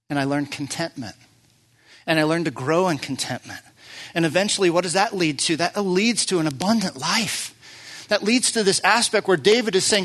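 A male pastor delivering a sermon in a slightly higher-pitched voice. He preaches earnestly, swelling to loud, emphatic peaks before sinking back to quiet, prayerful lines.

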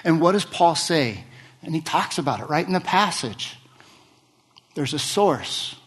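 Man, pastor, sermon, fairly high voice, conversational, repeats words as he restarts. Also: big pitch swings, unhurried, husky. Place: church.

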